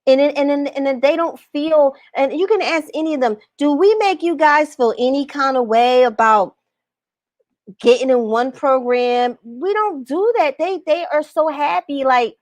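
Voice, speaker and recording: A middle-aged woman with a fairly high voice coaches her viewers on a livestream. She talks emphatically, repeats her points and keeps asking questions. The sound is dry and close, with no room echo. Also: normal speed. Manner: emphatic, repeats phrases, asks the audience questions. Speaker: online business coach. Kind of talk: livestream talk reading viewer comments.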